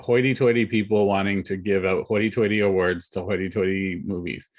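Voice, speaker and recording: A man's voice: sits low, fairly even intonation, brisk. A man co-hosting a casual podcast chat, offhand and dismissive. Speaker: podcast co-host.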